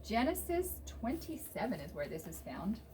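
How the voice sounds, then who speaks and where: A woman teaching children a Bible story, exclaiming often and pausing with fillers. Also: mid-range voice, very animated, darkish tone, slight background noise, low-quality recording. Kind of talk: storytelling lesson for kids.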